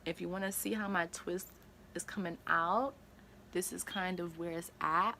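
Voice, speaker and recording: A woman's voice: lowish voice, measured pace. Woman venting to her phone camera, repeats stuff a lot, bit of hiss behind. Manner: emphatic, repeats phrases, upset and indignant. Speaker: vlogger. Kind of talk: casual talking to camera.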